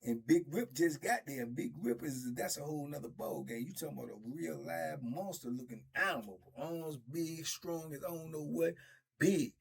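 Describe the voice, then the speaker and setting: Husky high-voiced male storyteller. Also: normal speed. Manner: laid-back, drawling, laughs often. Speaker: storyteller host. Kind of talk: casual storytelling.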